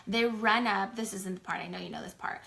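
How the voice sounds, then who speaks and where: Casting: woman, 40s, chatty live-chat storyteller, bright forward voice. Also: medium pitch, brisk, vocal fry. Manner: chatty, animated, heavy use of "like". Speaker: small business co-owner sharing her story.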